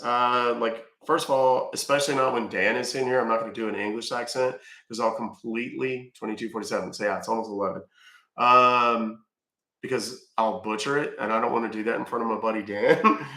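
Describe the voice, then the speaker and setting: Chatting in a casual, folksy way with his live-stream viewers, a middle-aged scambaiting host speaks with a congested voice. It is medium in pitch, bright, and forceful in tone, recorded with a roomy echo.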